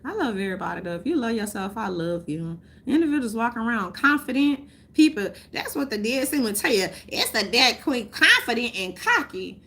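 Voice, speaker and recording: A woman, ranting loudly and profanely to her viewers, laughing often. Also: on the high side, sing-song, a little fast, few pauses. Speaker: vlogger. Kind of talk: unscripted rant to camera.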